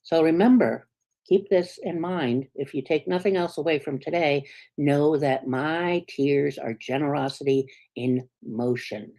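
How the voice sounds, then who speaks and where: A woman minister from the United States giving a sermon in an earnest, conversational way. She often checks in with the congregation and moves between soft, hushed asides and sudden emphatic peaks. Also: low voice, unhurried.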